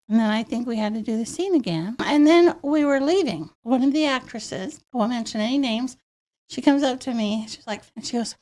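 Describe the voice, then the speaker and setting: A woman who grew up in Miami, a podcast guest telling stories in an animated way and acting out the quotes. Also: on the high side, fairly quick. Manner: animated, acts out quotes in voices. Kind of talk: storytelling in a podcast interview. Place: studio.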